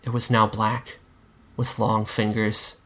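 Low, bright-toned male storyteller. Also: monotone. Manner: measured, dramatic narration with acted dialogue. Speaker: story reader. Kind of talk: dramatic reading of fan fiction.

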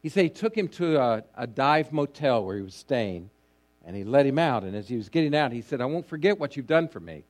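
A man preaching a sermon, reading scripture and then telling a long story in an unhurried way, often pausing on fillers and restarts, his voice trailing low at the ends of phrases. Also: sing-song. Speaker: pastor.

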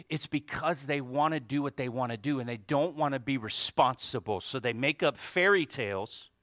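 A male pastor preaching a sermon with emphatic delivery, swinging from hushed asides to loud, fervent climaxes. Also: mid-range voice, dry recording, clean studio sound.

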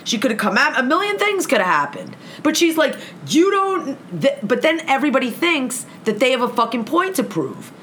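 A woman with a high, bright, forward voice recounts a confrontation in casual conversation. She swears constantly and acts out both sides of the argument with great energy. Faint background noise sits under her voice. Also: big pitch swings, normal speed, hardly any pauses. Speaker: guest telling a story. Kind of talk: heated storytelling in casual chat.

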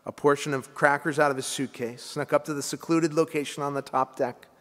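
A man's voice: on the high side, fairly even intonation, brisk, fairly bright tone. A male pastor telling a story in his sermon, in a conversational way with casual asides. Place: church sanctuary. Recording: long hall reverb.

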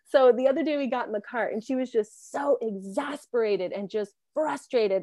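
This casual storyteller, a South American woman in her thirties or forties, speaks a little high and briskly with few pauses and a darkish tone. As an interview guest she laughs often and voices other people's lines, recorded dry.

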